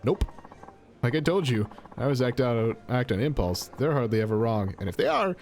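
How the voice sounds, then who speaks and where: A man's voice: medium pitch, very animated, brisk, a little mellow, a little hiss or hum. A man reading out a boastful, impulsive middle-aged sushi chef from a video game in a hearty, self-assured way. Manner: hearty, self-assured, prone to grand pronouncements. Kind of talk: reading game dialogue aloud.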